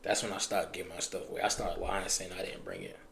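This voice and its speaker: A young man, just out of high school, telling laid-back stories in casual slang with a frequent "bro". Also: very animated, fast, vocal fry, fairly bright tone, slight background noise. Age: recent high school graduate. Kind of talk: casual chat.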